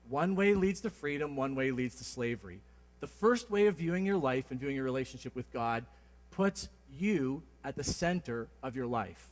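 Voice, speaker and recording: A man preaching a sermon in a church, conversational and animated, telling stories with humor. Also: fairly high pitch. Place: church sanctuary. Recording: long hall reverb.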